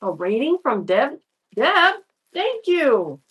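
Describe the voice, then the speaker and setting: A woman's voice: sits high, wildly swooping pitch, takes it slowly, fairly bright tone, husky. A woman co-hosting a live-stream craft sale, joking and chatting casually with the host. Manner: joking, conversational banter. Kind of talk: live-stream selling chat.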